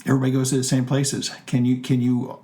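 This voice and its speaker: A man's voice: mid-range voice, monotone, fast, dark tone. An older man, a journalist hosting a podcast, asking questions conversationally. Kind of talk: podcast interview.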